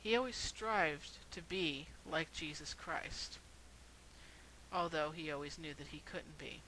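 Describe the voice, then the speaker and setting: A woman's voice: deep voice, measured pace, pushed and bright, slight background noise, poor audio. A woman video blogger telling a story and then making an earnest, rhetorical argument.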